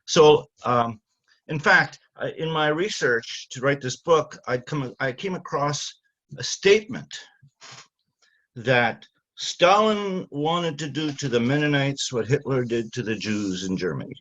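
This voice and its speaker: An older man from Canada talks about his book in a halting way, full of fillers and restarts, then reads passages aloud. His voice sits at a middling pitch for a man. The recording is somewhat dull and lo-fi. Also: a bit bright. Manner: halting, many fillers and restarts when speaking freely. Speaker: author at a reading. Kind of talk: talk then reading from his novel.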